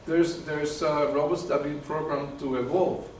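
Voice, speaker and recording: A man giving a live talk to an audience, animated and often repeating words as he searches for terms. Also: a little high, moderate pace, slight background noise. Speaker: presenter. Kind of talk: live lecture with audience questions. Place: meeting room with an audience. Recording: very echoey room from far off.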